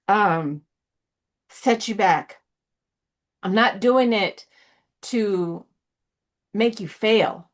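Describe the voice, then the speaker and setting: A woman's voice: mid-range voice, expressive, drawn-out words, long pauses. A woman ministry coach giving an emotional motivational talk, earnest and pleading, blunt and sometimes profane, rambling with many fillers and restarts.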